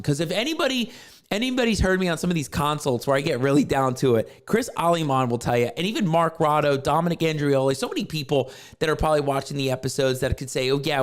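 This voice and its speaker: A man hosting a podcast as a probate lawyer, talking in a direct, animated way and acting out his clients' lines in his stories. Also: fairly high pitch. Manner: direct, animated storytelling, acts out callers' lines. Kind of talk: casual explanatory talk.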